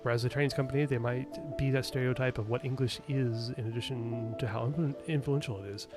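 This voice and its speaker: A chatty man talks casually over his game, rambling from thought to thought and answering viewers as he plays. His pitch sits in an ordinary middle range. Soft game music plays faintly underneath. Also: fairly even intonation, quick pace. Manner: rambling, chatty, thinks aloud and answers chat. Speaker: gaming streamer. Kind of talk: casual gaming commentary.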